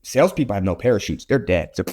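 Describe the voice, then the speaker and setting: Deep-voiced man telling blunt stories. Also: fast, slightly rough. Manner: blunt, animated storyteller who swears. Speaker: podcast guest, real estate photographer. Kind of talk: casual storytelling interview.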